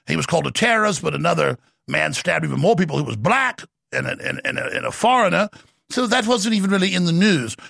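Gravelly, bombastic male talk host. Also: a little high, a bit bright, no room sound, clean studio sound. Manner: bombastic, fast-talking, scornful. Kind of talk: ranting talk radio monologue.

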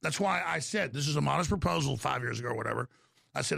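A middle-aged man hosting a call-in radio show, ranting forcefully and jumping about in pitch and pace. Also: lively intonation, fast, creaky, no room sound, clean studio sound. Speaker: radio talk show host.

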